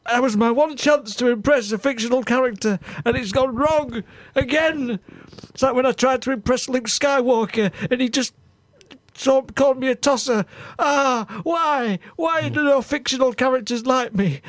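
A man's voice: very high-pitched, moderate pace, dry recording. A man playing a daft, flustered bloke. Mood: bumbling. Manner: bumbling, flustered, full of false starts. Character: daft, fretful man tending his allotment. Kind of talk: improv comedy scene.

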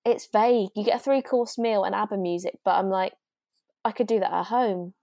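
A woman's voice: mid-range voice, fairly even intonation, a little fast, gravelly, mellow, dry recording, studio quality. A woman co-hosting a podcast, chatting casually and gushing enthusiastically about shows. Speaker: podcast co-host. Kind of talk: casual chat.

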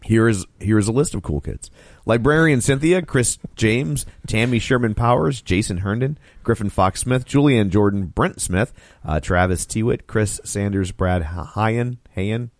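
A man's voice: fairly low pitch, normal speed, dry recording. A man hosting a podcast in casual chat, with a snarky, joking manner. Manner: snarky, dry jokes. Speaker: podcast host.

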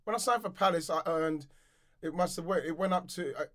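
Telling stories on a podcast he co-hosts, this middle-aged ex-footballer is animated, laughs often and keeps repeating himself in casual chat. His voice is brisk and on the high side.

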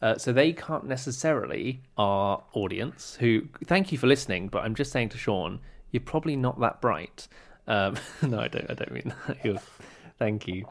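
A man's voice: lowish voice, lively intonation, moderate pace, hardly any pauses. A young man chatting on a podcast in a loose, joking way. He teases his co-host, riffs on silly scenarios and pokes fun at himself. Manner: joking, teasing, self-mocking. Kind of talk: casual chat.

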